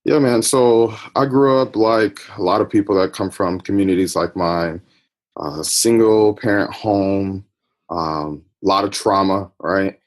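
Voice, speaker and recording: A man's voice: low-pitched, a little slow. A man from the United States, a podcast guest, recounting his life story in a reflective, personal way. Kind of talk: interview storytelling.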